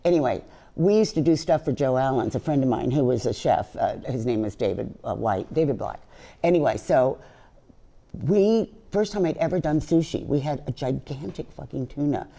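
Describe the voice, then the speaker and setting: A woman's voice: extremely low pitch, lively intonation, moderate pace, gravelly, dark tone. An older woman, a chef, telling brash, profane stories in a casual interview. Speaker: guest chef.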